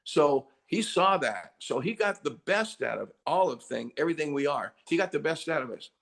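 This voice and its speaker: An older man, a rock singer, chatting as an interview guest and telling stories with lively acted-out quotes. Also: on the high side, moderate pace, vocal fry. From United States. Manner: animated storyteller, acts out quotes loudly. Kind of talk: casual interview chat.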